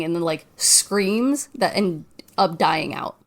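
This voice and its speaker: A woman in relaxed conversation walks through a horror film scene by scene. She slips into quick character voices as she quotes lines, then drops back into easy chat. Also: medium pitch. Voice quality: animated retelling with quoted voices. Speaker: podcast co-host. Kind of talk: casual movie recap chat.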